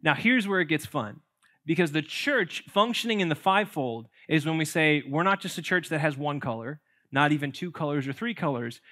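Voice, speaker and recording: A pastor preaching a sermon in a church, conversational and playful, with jokes and asides to the congregation. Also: male voice, on the high side, expressive, brisk, bright, forceful tone. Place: church sanctuary.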